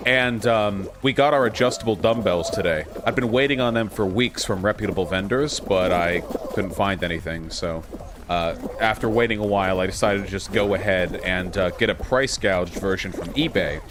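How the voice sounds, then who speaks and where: A man hosting a livestream and chatting casually while he plays a game, quick, profane and sarcastic. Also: fairly low pitch, background noise. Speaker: livestream host. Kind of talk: casual stream chat while gaming.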